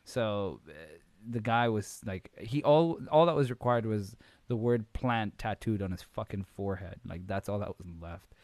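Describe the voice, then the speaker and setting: A male podcast host giving a casual, rambling wrestling recap full of swearing, fillers and quick impressions. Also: lowish voice, a little mellow, dry recording.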